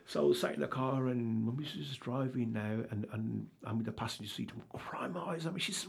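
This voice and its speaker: A man who runs a charity tells his own story candidly in an interview, earnest and rambling, repeatedly asking "do you understand?" His medium-pitched voice is a little fast and slightly rough, with vocal fry and few pauses.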